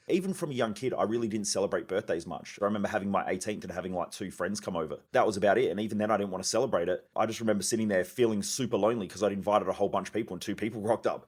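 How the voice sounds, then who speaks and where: A man, candidly telling his life story as a podcast guest, swearing freely. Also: fairly low pitch. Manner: candid, profane, fast-talking. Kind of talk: personal storytelling.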